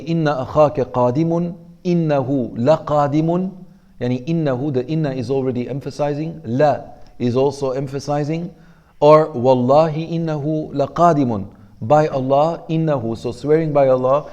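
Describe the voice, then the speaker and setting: A man teaching a class on Arabic rhetoric, explaining in English and reading Arabic passages aloud quickly, relaxed and joking with his students. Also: mid-range voice, lo-fi sound.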